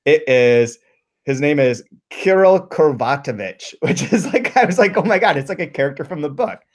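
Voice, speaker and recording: A man's voice: a little high, animated, moderate pace. A man hosting a book podcast in casual chat, rambling with restarts and laughing often. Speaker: podcast host.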